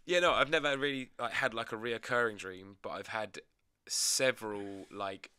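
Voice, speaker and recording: A man's voice: lowish voice, moderate pace, pushed and bright, clean tone, dry recording. A young man co-hosting a podcast who rambles in a casual, jokey way with lots of fillers. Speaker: podcast co-host. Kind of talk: casual chat.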